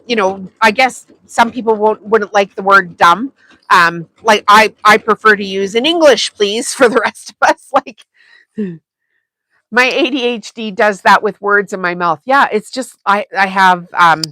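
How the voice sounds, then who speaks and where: Bright, chatty woman hosting a sewing livestream. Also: a little high. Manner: chatty, laughs often, greets viewers. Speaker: sewing channel host. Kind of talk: casual livestream chat while sewing.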